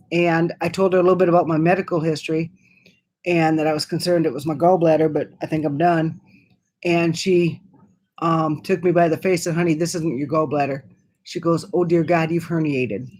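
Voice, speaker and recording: Middle-aged woman telling a chatty story. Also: low voice. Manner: chatty, many fillers and restarts. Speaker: vlogger. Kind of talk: casual personal storytelling.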